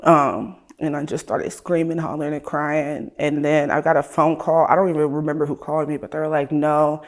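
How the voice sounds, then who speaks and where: A woman from Ohio, a guest in an interview, speaking candidly and casually, her voice sometimes trailing off softly. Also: deep voice, steady tone, a little fast. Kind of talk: emotional personal interview.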